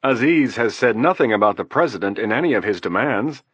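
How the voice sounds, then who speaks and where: A testy, defensive politician in high office, as a man puts him on for an audiobook. His voice climbs higher and sharper when pressed. The recording is dry and close. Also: expressive, brisk, a bit bright, slightly rough, no room sound, lo-fi sound. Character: defensive, irritable male vice president, middle-aged.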